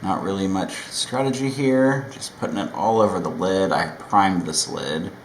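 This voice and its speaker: Low-voiced man chatting through a makeup tutorial. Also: moderate pace, reverberant, slight background noise, low-quality recording. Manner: relaxed, rambling, self-deprecating asides. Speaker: makeup vlogger.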